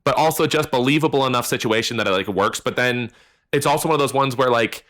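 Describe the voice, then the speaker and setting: A man's voice: mid-range voice, fast, fairly bright tone. A man co-hosting a podcast in casual chat, rambling through jokes and tangents, on slightly distorted audio. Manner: rambling, jokey, trails off into tangents. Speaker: podcast co-host.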